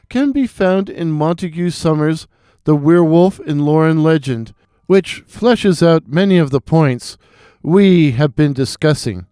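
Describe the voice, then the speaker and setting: A man with a head cold and a gravelly voice, hosting and reading weird tales with theatrical asides to his listeners. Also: on the high side, dark tone, no room sound, studio quality. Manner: theatrical, addresses listeners directly. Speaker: storyteller and channel host.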